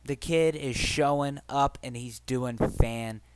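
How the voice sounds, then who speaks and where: A man with a smooth, clear voice talks casually on his solo podcast, rambling loosely and cursing often. His pitch sits in the middle range, and the recording is dry and close. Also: unhurried, dry recording. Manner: rambling, profane, conversational. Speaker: podcast host.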